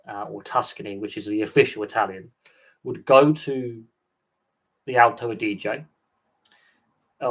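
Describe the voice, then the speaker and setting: Man, from England, live-stream host, casual chat, rambling, mid pitch. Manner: rambling, animated, swears casually.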